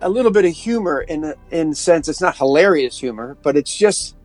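A middle-aged pastor talks in a relaxed, upbeat way, his voice sitting a little high for a man. He slows right down whenever he reads scripture aloud. The sound is close and dry, with no room echo. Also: soft background music. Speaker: pastor and worship leader. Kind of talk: casual podcast advice.

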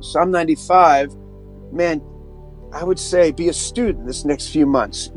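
A middle-aged man, a pastor and worship leader, giving casual, upbeat advice in conversation and slowing down when he reads scripture. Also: on the high side.

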